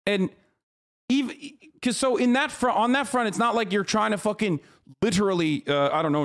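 A man with a high, light voice rants at clips on his stream. He swears constantly, stumbles through fillers and restarts, and sounds fed up. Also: moderate pace, fairly bright tone. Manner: exasperated, swears a lot, many fillers and restarts. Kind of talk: profane reaction rant.

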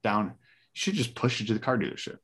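A man co-hosting a podcast in casual chat, cutting in with quick questions and reactions and swearing now and then. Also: fairly low pitch, big pitch swings, a bit bright, slightly rough.

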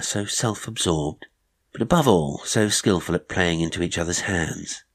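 Deep, husky male narrator. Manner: measured, reflective storytelling. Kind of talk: audiobook narration.

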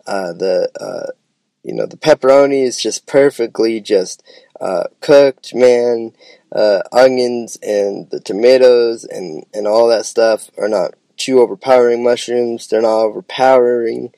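Rambling, excitable man in a casual podcast. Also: medium pitch, no echo. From Idaho, US. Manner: rambling and enthusiastic, peppered with "man" and "bro". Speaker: podcast host. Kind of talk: casual solo podcast chat.

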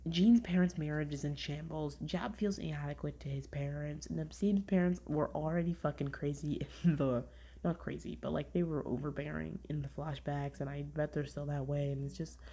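A woman's voice: low-pitched, slight background noise. A young woman hosting a podcast, chatting casually in a rambling way with lots of "like", often dropping to a half-whisper. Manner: rambling, heavy use of "like", animated retelling. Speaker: podcast host. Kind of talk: casual review chat.

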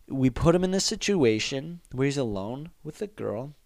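A man's voice: medium pitch, animated, normal speed, creaky, hardly any pauses, darkish tone, dry recording. Profane rambling young man riffing. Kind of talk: casual comedic rant.

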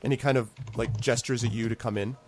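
A man's voice: mid-range voice, steady tone, quick pace, darkish tone, slight background noise. A man working as game master, narrating a tabletop game in a rambling, playful way. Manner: rambling with many fillers and restarts, playful.

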